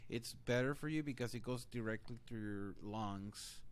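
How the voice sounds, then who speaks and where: A man of middling pitch co-hosts a casual podcast. He mostly chimes in with short, agreeable remarks. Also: moderate pace, clean tone. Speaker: podcast co-host.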